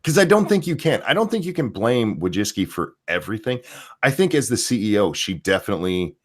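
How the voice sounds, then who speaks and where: A man's voice: lowish voice, very animated, brisk. A man hosting a podcast, talking in a casual, profane, rambling way about the news. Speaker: podcast host. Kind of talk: casual opinion chat.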